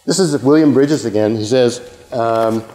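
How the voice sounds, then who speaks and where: A man's voice: medium pitch, moderate pace, dark tone. An older man from Canada giving a rambling academic lecture, breaking off mid-sentence and checking in with his audience through frequent okays. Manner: rambling, self-interrupting, with frequent okays and asides. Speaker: university lecturer. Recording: long hall reverb.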